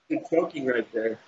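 A man's voice: on the high side, creaky, fairly bright tone. A young man chatting casually with a friend, often breaking into laughter and swearing as he mimics someone. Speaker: storyteller among friends. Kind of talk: casual chat. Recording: dull lo-fi audio.

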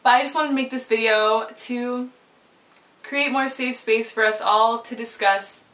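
A young woman talking openly to her viewers in a casual, rambling way, full of "like" and quick laughs. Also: a little high, steady tone, fairly bright tone. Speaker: vlogger. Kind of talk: personal vlog monologue. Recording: voice a little far from the mic.

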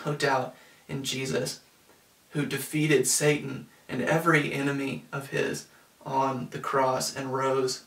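A pastor preaching a sermon, earnest, slowing down to stress scripture quotes. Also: male voice, on the high side, a bit bright. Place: church sanctuary. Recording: roomy sound from a distance.

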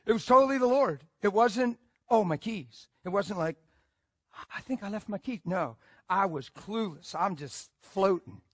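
A male preacher telling a story in a sermon, animated and emphatic, moving between loud bursts and hushed asides. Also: sits high, normal speed, no room sound.

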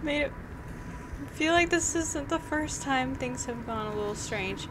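A woman's voice: high voice, expressive, a little slow, noisy background. A woman commentating a horror game she plays, often exclaiming in fright and laughing nervously. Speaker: gaming YouTuber.

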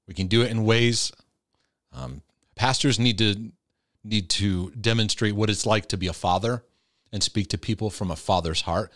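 A Christian mental health teacher answers viewer questions in a casual, earnest, direct manner, frequently starting his sentences over. His voice sits on the low side, captured in a dry, studio-quality recording.

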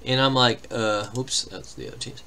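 A man with a mid-range voice and sharp tone keeps a moderate pace while hosting a live card-break stream. His casual chat drifts into rambling anecdotes before he reads lists of names paired with teams.

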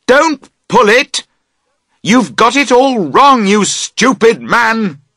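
A man voicing a furious camper who shouts at his friend while their tent collapses in the rain. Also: very high voice, sing-song, slow pace, no room sound, clean studio sound, voice pushed up, exaggerated voice. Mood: furious shouting.

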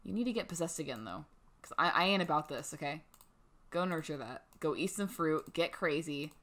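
A woman's voice: deep voice, animated, a little fast, fairly bright tone. A young woman casually commenting on her life-sim game, chatty and playful, putting words in her characters' mouths. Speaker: gaming channel host. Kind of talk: casual let's-play commentary.

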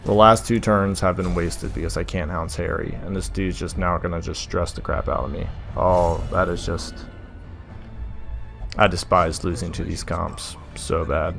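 A man's voice: low voice, fairly even intonation, moderate pace, gravelly, a bit bright, faint music behind. A young adult man venting as a gaming streamer, giving exasperated live gameplay commentary full of mild oaths in place of swears.

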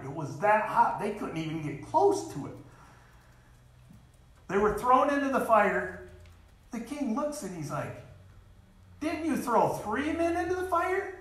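A man's voice: high-pitched, bright, forceful tone. A man preaching a sermon in a church in an earnest, emphatic way, reading scripture aloud. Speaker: lay preacher. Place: church sanctuary. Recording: very echoey church hall.

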